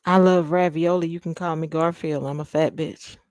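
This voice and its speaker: A woman's voice: low voice, fairly even intonation, moderate pace, darkish tone, dry recording. A woman hosting a casual live chat with viewers, playful and teasing, drawing out lists of food. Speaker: livestream host.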